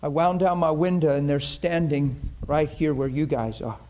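A man's voice: on the high side, normal speed, mellow. A man preaching a sermon to a congregation, telling a story in an earnest, conversational way and acting out the voices of the people in it. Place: church in front of a congregation.

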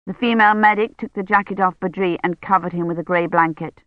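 A woman's voice: fairly low pitch, steady tone, quick pace, few pauses, no room sound. Woman reading an audiobook, dull dry sound. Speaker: audiobook narrator. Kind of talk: scripted narration. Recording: dull lo-fi recording.

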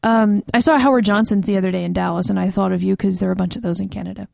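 Gravelly giggly woman cohosting a podcast, chatty, loses her train of thought, dry close mic. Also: mid-range voice, steady tone, rapid-fire, darkish tone, no echo. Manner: giggly, trails off mid-thought. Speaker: podcast co-host. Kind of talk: casual chat.

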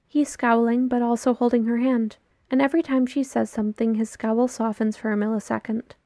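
A woman's voice: on the high side, level tone, a little fast, mellow, no room sound, studio quality. A woman reading a story aloud as narration, telling it steadily and lightly voicing the characters. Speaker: podfic reader. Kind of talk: scripted narration.

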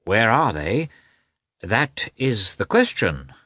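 A man's voice: medium pitch, big pitch swings, normal speed, a bit bright, no room sound, studio quality, pitched above the performer's own voice. A man voicing a hungover, playful young male officer with a whiny, lazy, teasing manner.

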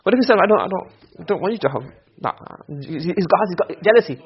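Brisk, husky-voiced male teacher, on a muffled lo-fi recording, drilling students with questions. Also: sits high, animated. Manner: quizzing students with quick questions. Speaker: Arabic grammar teacher. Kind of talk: classroom lesson.

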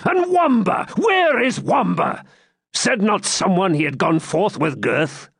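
A man's voice: high voice, big pitch swings, takes it slowly, vocal fry, a bit bright, breathy edge, dry recording, clean studio sound, voice pushed up, full character voice. A man voicing a proud, bitter old Saxon lord who speaks with indignant declamation in an audiobook reading.

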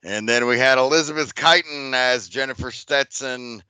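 A man's voice: medium pitch, moderate pace, pushed and bright, smooth, no echo. A man hosting a movie podcast, running through the cast and credits in a laid-back, profane casual chat. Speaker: podcast host.

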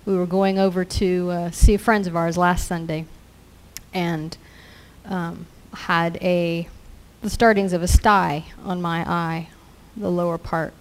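A woman's voice: fairly low pitch, little pitch movement, slow pace. A woman preaching a sermon in an earnest way, repeating scripture lines as declarations.

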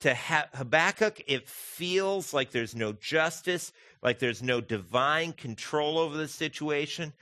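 A man's voice: fairly high pitch, unhurried, hardly any pauses, sharp tone, no room sound. A man preaching a conversational sermon as pastor, often asking his listeners direct questions. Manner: conversational, asks the congregation questions.

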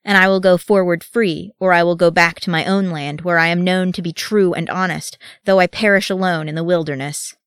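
A woman voicing a proud, angry male dwarf warrior who speaks loud and forceful in dialect, recorded dry and close. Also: fairly low pitch, normal speed, few pauses, dry recording, lightly acted. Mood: defiant.

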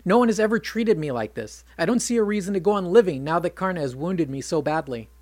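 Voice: medium pitch, expressive, fast talker, a little mellow, no room sound, lightly acted. A narrator voicing a bitter, self-pitying king who whines and rants at his brother. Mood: ranting. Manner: whining, ranting.

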